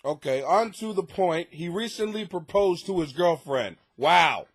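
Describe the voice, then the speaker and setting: A man's voice: sits high, lively intonation, measured pace. A man hosting a comedy podcast, ranting profanely with sarcastic mock outrage while reading listener letters. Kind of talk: crude comedic advice rant. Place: home basement.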